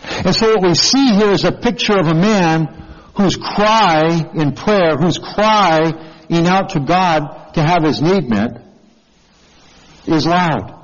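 Slow, earnest male preacher in a hall. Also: fairly high pitch, muffled recording. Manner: earnest, asks the congregation questions. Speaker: pastor. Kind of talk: sermon.

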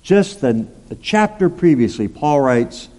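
A man's voice: fairly high pitch, very animated, measured pace, warm tone. A male pastor preaching a sermon, telling a personal story in a chatty way with asides like "okay?" and "right?". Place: large church hall. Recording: long hall reverb.

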